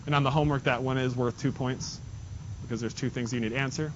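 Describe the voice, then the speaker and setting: A man's voice: mid-range voice, steady tone, fast, muffled recording. Guy teacher walking the class thru math steps, joking around, faint hiss in a classroom. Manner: talks students through steps, jokey asides. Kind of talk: classroom lesson.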